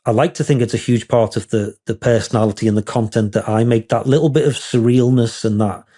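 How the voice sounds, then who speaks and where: A man's voice: mid-range voice, steady tone, fairly quick, mellow. A man, a wedding photographer being interviewed, talking in a rambling, candid, self-deprecating way.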